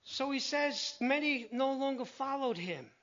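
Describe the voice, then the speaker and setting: A man preaching a sermon, animated, telling Bible stories and acting out the voices in them. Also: very high-pitched, measured pace. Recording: dull lo-fi recording.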